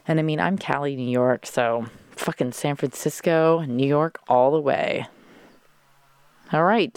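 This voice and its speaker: A podcast host from Southern California chatting casually and gushing, talking fast with swearing and laughter. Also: medium pitch, a little mellow, clear, resonant tone, dry recording, studio quality. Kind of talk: casual solo podcast chat.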